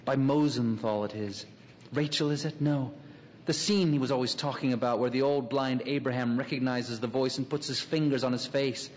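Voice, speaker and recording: A man's voice: mid-range voice, fairly even intonation, normal speed, a little mellow, muffled recording, a little hiss or hum, lightly acted. An actor playing a wry middle-aged city man, drifting through an inner monologue full of asides. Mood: musing. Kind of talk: radio drama acting. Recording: long hall reverb, faint ambience.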